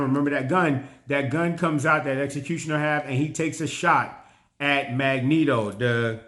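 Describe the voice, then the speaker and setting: Slangy, animated man recapping a show. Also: medium pitch. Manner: animated retelling, slangy, lots of fillers and restarts. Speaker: TV show reviewer. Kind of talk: casual spoken review and recap.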